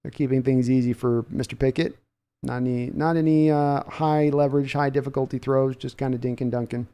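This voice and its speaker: A man's voice: medium pitch, fairly even intonation, fairly quick, dark tone, clean tone. A man hosting a live sports podcast, calling play-by-play in a chatty manner and answering viewer comments. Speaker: podcast host.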